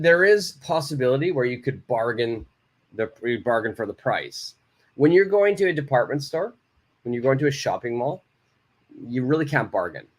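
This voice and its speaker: A man teaching an online English lesson, his pitch swinging up and down as he reads example phrases. He repeats each one slowly and clearly, then chats casually about when to use it.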